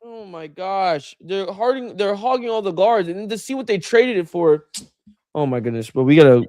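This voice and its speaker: Casual sports co-host, male, higher-pitched and animated, exasperated, dry recording. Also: brisk, no echo.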